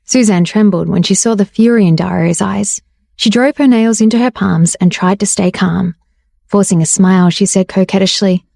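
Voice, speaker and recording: A woman narrating a romance audiobook in a steady, even reading. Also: medium pitch, normal speed, gravelly, dry recording. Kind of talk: scripted narration.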